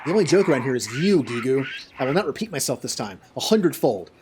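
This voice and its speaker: A man's voice: mid-range voice, big pitch swings, fast talker, over music, lightly acted. A man reading as a cruel kobold boss. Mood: scornful. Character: cruel, bullying male kobold overseer.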